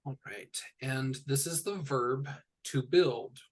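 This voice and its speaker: A man teaching a one-on-one language lesson, patiently explaining sounds and repeating each word slowly. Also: mid-range voice. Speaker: Hebrew teacher. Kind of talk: tutoring session.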